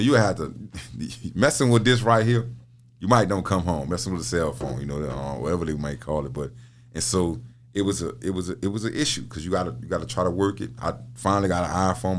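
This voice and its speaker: With a deep voice and slight background noise, a middle-aged prison minister chats as a podcast guest in casual interview talk. He spins stories, often repeating words and breaking into laughter.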